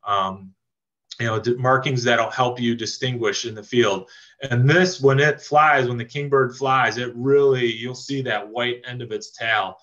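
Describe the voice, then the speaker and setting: A man from a land trust giving a casual online talk on birding, relaxed and enthusiastic, with many fillers and restarts. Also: mid-range voice, measured pace. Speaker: land trust staff member teaching birding. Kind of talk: casual virtual presentation. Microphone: video call microphone. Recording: slightly dull lo-fi video call audio.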